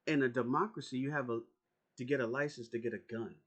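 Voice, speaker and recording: A man's voice: medium pitch, fairly even intonation, quick pace, fairly bright tone, lo-fi sound. Profane, combative man ranting to camera. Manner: profane, confrontational, repeats himself. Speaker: YouTuber. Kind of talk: angry political rant to camera.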